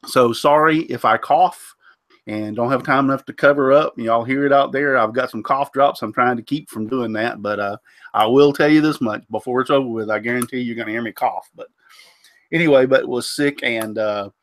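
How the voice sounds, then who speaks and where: A man with a cold hosts a casual live stream, his voice sitting at a middle pitch. He rambles through fillers and keeps fumbling names. The sound is dry and close to the mic. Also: normal speed, fairly bright tone, no echo. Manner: rambling, stumbles over names, frequent fillers. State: congested, recovering from a cold. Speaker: host of a woodworking live show.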